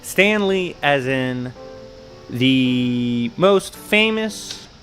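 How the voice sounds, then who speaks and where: An animated man hosting a casual video, recounting comic-book stories with plenty of slang. His pitch rises and falls in a lively way while he laughs along at the funny parts. Faint music sits low in the background. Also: drawn-out words, rough recording. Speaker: host.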